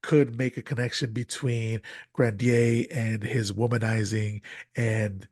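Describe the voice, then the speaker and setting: A podcast host talking about a film in a casual, animated way, with many restarts and wry asides. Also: male voice, mid-range voice, measured pace, dry recording, clean studio sound.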